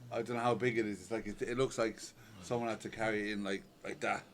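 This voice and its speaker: A man's voice: on the low side, flat delivery, fast, a crowd in the background. Joking man co-hosting on a balcony. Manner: joking, laughs easily. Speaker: co-host. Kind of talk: casual banter. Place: outdoor apartment balcony. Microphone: smartphone livestream.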